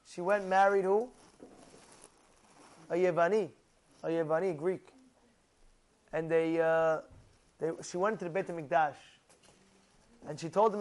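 A man gives a Torah lesson in a notably high voice, acting out stories with energy. He laughs often and fires questions at his listeners. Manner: lively storyteller who laughs often and asks questions. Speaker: Torah teacher.

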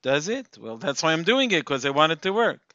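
A man's voice: fairly high pitch, very animated, a little fast, pushed and bright, no room sound, dull audio. A man giving a spoken Torah lecture, asking rhetorical questions and using Yiddish terms. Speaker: lecturer on Jewish topics.

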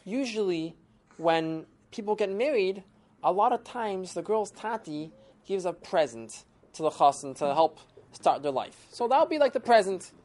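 A woman telling a folk tale with lively expression, using Yiddish and Hebrew terms. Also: mid-range voice, a little slow. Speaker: storyteller. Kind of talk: animated storytelling.

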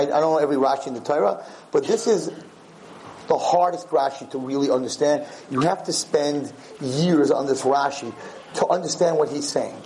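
A man teaching students an informal Torah class, mixing English with Hebrew and Yiddish terms, and climbing high in pitch when he voices God's words. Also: a little mellow, a little hiss or hum, rough recording. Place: room with students.

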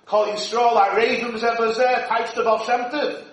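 A man giving an impassioned sermon, swinging from hushed tones to shouts. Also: very high voice, fairly even intonation, a little slow. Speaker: rabbi giving a speech. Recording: echoey hall, distant mic.

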